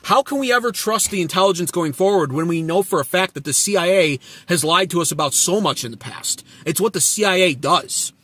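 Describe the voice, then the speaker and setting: A man's voice: sits high, expressive, fairly quick, hardly any pauses, sharp tone. A man hosting his own channel, giving blunt, sarcastic political commentary full of swearing and answering viewers' chat. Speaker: channel host.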